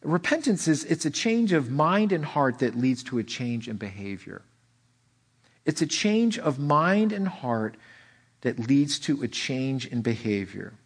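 Husky animated male preacher. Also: medium pitch, measured pace. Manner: animated, repeats words, acts out quotes. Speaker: pastor. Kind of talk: sermon.

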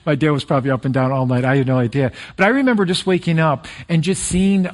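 A middle-aged male pastor preaching a sermon in a folksy, personal way, telling stories and slowing down to stress key phrases. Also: mid-range voice, slight background noise. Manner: folksy and personal, prays then tells stories.

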